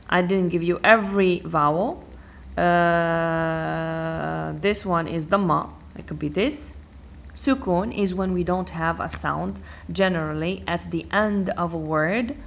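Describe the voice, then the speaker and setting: A woman's voice: fairly low pitch, vocal fry, a bit bright. A woman English teacher explaining a lesson patiently, repeating key points, asking "okay?" and drawing out important words. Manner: stretches out and stresses key words while explaining. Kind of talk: classroom-style explanation.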